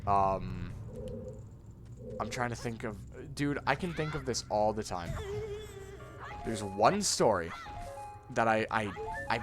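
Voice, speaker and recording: A man's voice: lowish voice, animated, slow pace, pauses often, music in the background. A young man telling a rambling school story with many restarts and casual swearing while playing a game. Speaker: let's play co-host. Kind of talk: casual gaming chat, storytelling.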